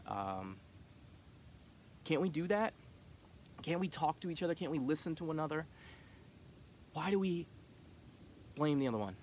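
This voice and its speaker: A man's voice: on the high side, very animated, normal speed, pauses often, slight background noise. A middle-aged man talking casually and passionately, full of fillers. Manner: passionate, rising to heated shouting; casual, filler-heavy talk. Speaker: vlogger. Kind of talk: casual monologue on politics.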